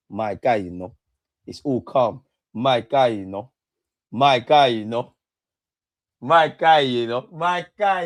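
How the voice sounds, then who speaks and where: A man hosting a live football watch-along, swearing a lot, muttering to himself and shouting at goals. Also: a little high. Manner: mutters quietly to himself between outbursts.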